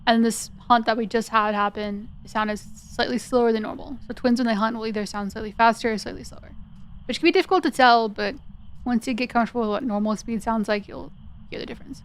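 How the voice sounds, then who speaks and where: A woman live-streaming a video game, chatting with viewers and explaining mechanics, her voice cracking and going hoarse. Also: fairly high pitch, fairly even intonation, fast talker. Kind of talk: live gaming commentary.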